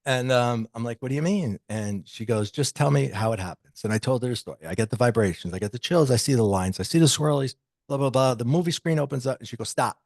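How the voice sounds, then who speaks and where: A man guest on a podcast, telling a personal story in an animated way and acting out the dialogue he quotes. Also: mid-range voice, quick pace, no echo.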